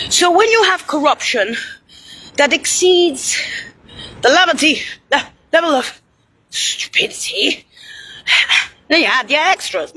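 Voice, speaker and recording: High, lively woman ranting heatedly. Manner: ranting, swearing, switching into Italian phrases. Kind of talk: heated rambling monologue.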